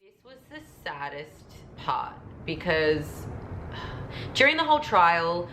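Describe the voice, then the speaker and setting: A woman's voice: lowish voice, very animated, takes it slowly, a bit bright, slight background noise. A young woman casually recapping a true crime case for her viewers, chatty and rambling, with fillers and asides. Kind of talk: casual vlog commentary.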